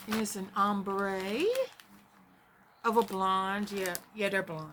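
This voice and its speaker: A woman talks her way through an unboxing at an unhurried pace, drifting into fillers and little asides to herself. Her pitch sits in an ordinary middle range. The recording carries a clear layer of background noise along with crinkling packaging. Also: flat delivery, pushed and bright. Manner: chatty, rambling, with trailing fillers and self-talk. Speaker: vlogger. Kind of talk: casual unboxing chat.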